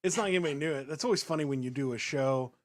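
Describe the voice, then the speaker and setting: A man's voice: fairly high pitch, rapid-fire. A man hosting a casual podcast, rambling loosely through stories with lots of fillers and restarts. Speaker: podcast host and rapper.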